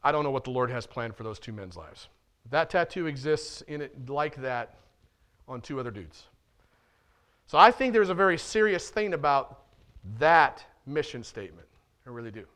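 A man's voice: medium pitch, sing-song, moderate pace, fairly bright tone. A man preaching a sermon as pastor in a church, talking directly to his listeners and often asking rhetorical questions.

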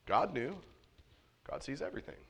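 A man preaching a sermon in a conversational way, swinging between loud emphasis and quiet, hushed asides. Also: on the high side, big pitch swings, moderate pace, creaky, husky. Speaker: pastor. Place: church sanctuary.

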